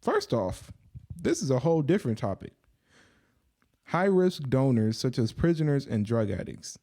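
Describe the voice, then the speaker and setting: A man's voice: mid-range voice, big pitch swings, moderate pace, warm tone. A young man co-hosting a casual podcast, joking around and reading a news article aloud. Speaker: podcast co-host.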